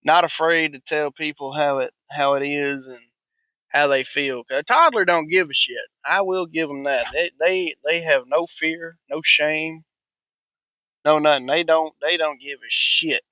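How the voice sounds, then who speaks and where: Male podcast host in his thirties, profane rant, bright dry voice, dull lo-fi sound. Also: a little high, unhurried, dry recording. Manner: profane, blunt, rambling. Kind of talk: ranting monologue.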